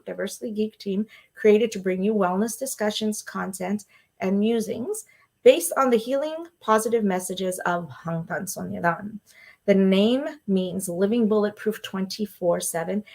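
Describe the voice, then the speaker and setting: Chatty, excitable woman hosting solo. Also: medium pitch. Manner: chatty and excitable, with frequent laughs and fillers. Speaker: podcast host. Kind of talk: casual solo livestream chat.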